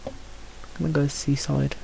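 Young Brummie lad, gravelly commentary. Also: male voice, a little high, normal speed. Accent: Birmingham English. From Birmingham, England. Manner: chatty, excitable, jokey self-talk. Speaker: gameplay commentator. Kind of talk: casual gameplay commentary.

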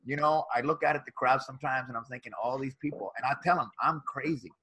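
Husky guy in his 50s, bright punchy voice, rambling energetic storyteller on a podcast. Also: mid-range voice, fast, low-quality recording. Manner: energetic, laughs often, repeats words. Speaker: podcast guest. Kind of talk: animated storytelling.

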